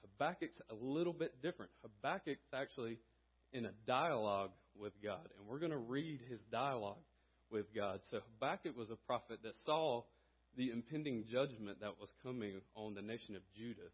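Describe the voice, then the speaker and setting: Brief: husky man preaching in church, earnest, dull lo-fi sound. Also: mid-range voice, animated, normal speed. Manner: earnest, rising in volume when reading and exhorting. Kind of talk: sermon with scripture reading and prayer. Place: church sanctuary.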